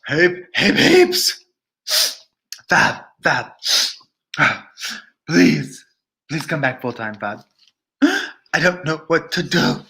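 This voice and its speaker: A man's voice: fairly high pitch, huge pitch swings, extremely slow, long pauses, bright, forceful tone, full character voice. A man doing a mocking impression of a desperate rich woman who begs someone to come back, with sighs and a whiny, pleading tone.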